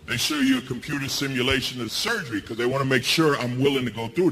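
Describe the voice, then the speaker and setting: Animated middle-aged male stand-up comedian. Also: quick pace, slight background noise. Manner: animated storytelling, jumps high for punchlines. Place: comedy stage before a laughing audience. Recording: live show with audience laughter.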